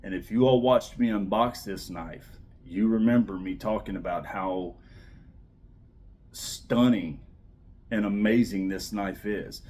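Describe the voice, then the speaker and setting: Enthusiastic man reviewing pocket knives. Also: medium pitch. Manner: enthusiastic, repeats himself, trails off softly. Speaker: knife reviewer. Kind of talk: casual product review.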